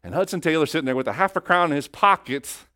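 A man preaching a sermon, telling a story with animated swings between hushed and loud delivery. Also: fairly high pitch, fast, dry recording, studio quality.

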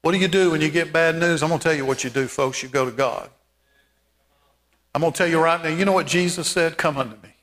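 A man preaching a sermon as pastor, emphatic, with repeated calls and rising shouts. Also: a little high, fast talker, long reverb tail.

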